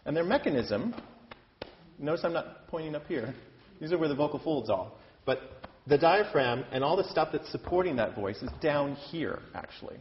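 A man's voice: a little high, animated, normal speed, slight background noise. A man from the US Midwest giving a chatty, self-deprecating lecture-demonstration on opera singing as a voice teacher. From Iowa, US Midwest. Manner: chatty, self-deprecating, talks with his hands. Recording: dull, hall reverb.

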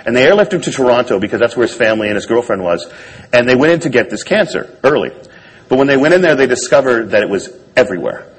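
Fast-talking husky man telling a story. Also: mid-range voice, very animated, poor audio. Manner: wry, self-deprecating storyteller. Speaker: speaker giving a talk. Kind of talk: storytelling talk to an audience.

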